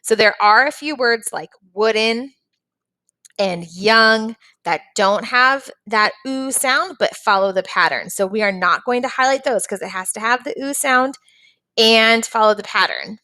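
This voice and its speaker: A woman's voice: a little high, a little slow, pushed and bright, no room sound. A woman teacher patiently walking young students through a phonics and reading lesson, step by step.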